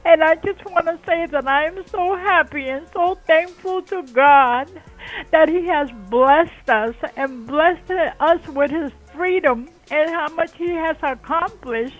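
A woman's voice: sits high, measured pace, narrow, tinny audio. Tearful older woman calling in. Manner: emotional, tearful. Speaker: caller, guest's aunt. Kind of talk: phone call to a talk show.

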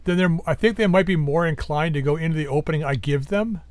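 A man giving casual gameplay commentary, thinking aloud as he plans, his voice going a bit hoarse. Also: on the high side, fast, dry recording. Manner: thinking aloud, musing and planning.

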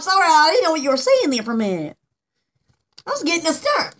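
A woman chatting on a live jewelry-sale stream, her voice very high and bright. She talks in excitable bursts and sing-song cries, with faint noise behind her. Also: fast. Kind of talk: casual live-stream chat.

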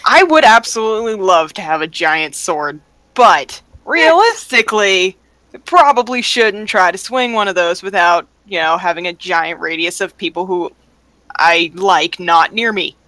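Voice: medium pitch, unhurried, pushed and bright, dry recording. A player in a tabletop game, joking and hesitant.

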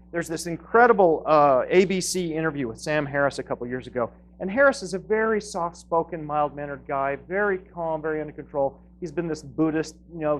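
A philosophy professor giving a talk to a live audience, with dry, wry humor and lively emphasis in his lists. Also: a little high, rough recording. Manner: dry wry humor, laughs at own jokes.

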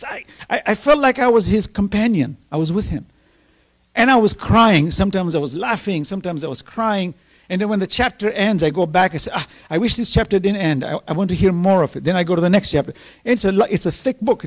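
Middle-aged male preacher, quick and high-pitched, heartfelt storytelling sermon. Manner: emotional, earnest storytelling, reciting Quranic verses. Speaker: speaker at a Ramadan program.

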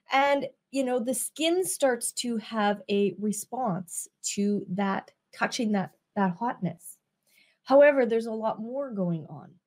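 A woman's voice: fairly high pitch, a little mellow. A woman business coach talking casually to camera, drawing out her words and checking that listeners follow her. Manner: unhurried, drawn-out words, asks listeners if they follow.

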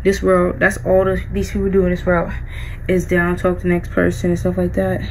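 A woman's voice: lowish voice, monotone, brisk, a little hiss or hum, low-quality recording. A woman vlogger in casual chat, rambling with lots of likes and restarts.

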